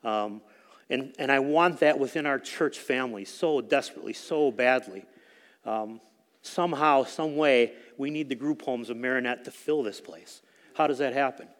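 A man's voice: mid-range voice, long reverb tail. A middle-aged man giving a conversational sermon testimony in a church, telling a story with frequent fillers. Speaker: speaker at church.

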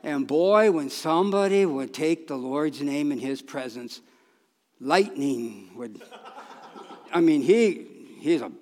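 A pastor with a fairly high, expressive voice preaches slowly in a church sanctuary, his sermon folksy and conversational, full of restarts and sudden bursts of emphasis. The church hall gives a long reverb, with slight background noise underneath.

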